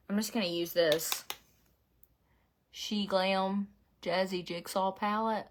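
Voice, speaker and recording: A middle-aged beauty vlogger from Southeast Georgia, USA, with a Southern Georgia accent, chats and rambles while doing her makeup indoors in her home beauty room, laughing often. Her mid-range voice has fairly even intonation and a slow pace with frequent pauses. There's slight background noise.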